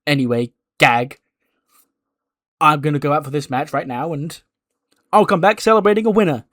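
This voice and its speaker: A man's voice: on the high side, fairly even intonation, moderate pace, pushed and bright, no room sound, clean studio sound. A man voicing a vain woman wrestler who gushes and sneers at rivals. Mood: catty. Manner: gushing, catty.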